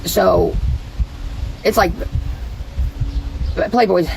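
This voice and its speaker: A woman's voice: on the low side, huge pitch swings, very slow, vocal fry, background noise. A woman rambling and venting to her livestream chat in a casual, profane way.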